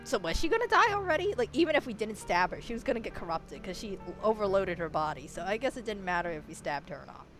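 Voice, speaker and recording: A woman's voice: mid-range voice, sing-song, fast, hardly any pauses, fairly bright tone, soft background music. A woman streamer giving casual game commentary, chatty and swearing, swinging into emotional rants.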